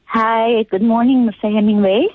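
A woman's voice: on the high side, steady tone, normal speed, dry recording. A woman caller reading a book aloud over the phone, careful with small restarts, on a tinny phone line.

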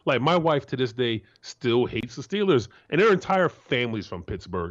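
A man in his forties from Florida, co-hosting a sports talk show as a former player, blunt and profane, jumping into a high voice to act out quotes. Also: sing-song, moderate pace, few pauses, lo-fi sound. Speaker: co-host, former NFL player.

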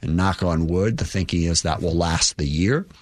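A congressman being interviewed, giving measured and explanatory answers broken by fillers. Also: low voice, breathy edge, dry recording, clean studio sound. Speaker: congressman guest. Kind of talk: news interview.

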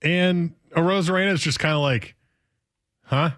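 A man's voice: a little high, normal speed. A man in his thirties co-hosting a sports radio show, telling stories with laughs and acted-out quotes. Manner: animated storytelling, acts out quotes with laughs. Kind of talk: casual sports radio banter.

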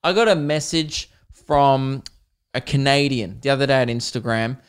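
A man's voice: medium pitch, moderate pace, smooth. An Australian man hosting his own podcast, talking casually on his own in rambling, self-deprecating tangents. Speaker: podcast host. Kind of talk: casual solo podcast monologue.

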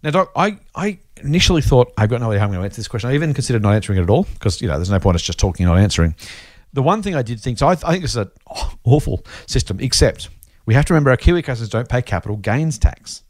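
An Australian man hosts a casual podcast and talks at a quick, eager clip with lots of "you know" and "um." The recording is dry and close-miked, with no room sound. His pitch sits in an ordinary male middle. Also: very animated, dry recording. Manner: enthusiastic, quick and chatty, with frequent fillers. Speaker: podcast host.

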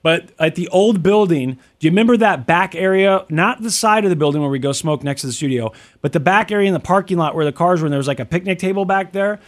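A middle-aged man co-hosting a casual podcast, telling animated stories with swearing. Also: high voice, fast, hardly any pauses. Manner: animated storytelling, swearing, mimics others. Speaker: podcast co-host.

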